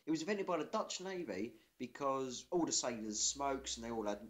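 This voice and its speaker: A man's voice: medium pitch, lively intonation, moderate pace. Guy on a podcast, swears a lot, jokey and sure of himself. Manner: sweary, jokey, confident storytelling. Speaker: podcast co-host. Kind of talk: casual chat.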